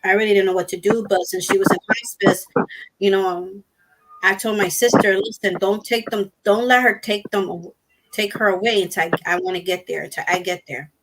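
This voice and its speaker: A middle-aged woman in casual chat on a stream panel, talking softly and haltingly with many fillers. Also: medium pitch, rough recording.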